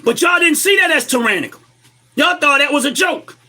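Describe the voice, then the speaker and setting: A man's voice: very high voice, expressive, a little fast, sharp tone. A man giving impassioned political commentary, emphatic and lecturing, firing rhetorical questions at his listeners.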